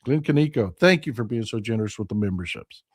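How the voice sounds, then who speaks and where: A man's voice: on the low side, lively intonation, fast, slightly rough, no echo. Folksy man, close and dry. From Texas. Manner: folksy and chatty, rambling with restarts. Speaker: host of a live call-in stream. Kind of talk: casual chat reading viewer comments.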